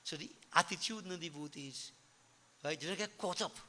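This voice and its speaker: A man's voice: a little high, fairly quick, sharp tone. A man giving an earnest devotional discourse, explaining scripture verses and repeating key phrases. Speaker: spiritual speaker. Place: hall at a religious celebration. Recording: long reverb of a hall.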